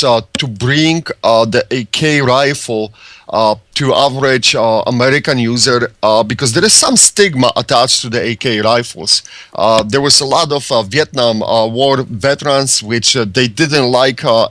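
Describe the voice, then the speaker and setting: Polish-accented guy, soft and halting, lots of uhs, radio guest. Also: mid-range voice, no echo. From Poland. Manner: hesitant, many "uh" pauses, soft-spoken. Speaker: guest, firearms channel founder. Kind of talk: casual radio interview.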